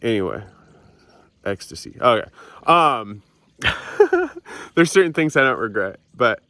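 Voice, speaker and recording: A man's voice: medium pitch, big pitch swings, takes it slowly, bright, forceful tone, no echo. A young man in a casual confessional vlog, rambling and swearing, filming outdoors on a hillside with a handheld camera. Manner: rambling, profane, self-mocking with restarts. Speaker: vlogger.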